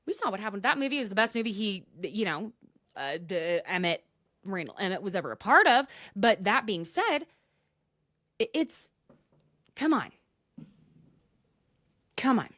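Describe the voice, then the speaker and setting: A woman's voice: medium pitch, sing-song, unhurried, pauses often, fairly bright tone, no room sound, studio quality. A young adult woman hosting a podcast, recapping in a casual, dramatic way and dropping into whispered asides. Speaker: podcast host.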